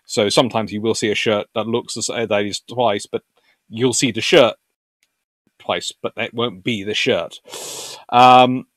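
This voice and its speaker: A man hosting a naval history livestream, chatting with viewers in an animated, jokey way. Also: fairly low pitch, measured pace, no room sound. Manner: animated and jokey, puts on silly voices for nations. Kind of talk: live stream talk answering chat.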